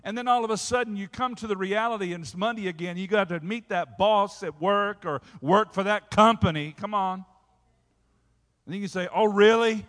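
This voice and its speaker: High-voiced preaching pastor in a hall. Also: male voice, moderate pace. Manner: preaching with call-and-response asides, rising to loud shouts. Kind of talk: sermon. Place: church sanctuary. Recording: hall reverb.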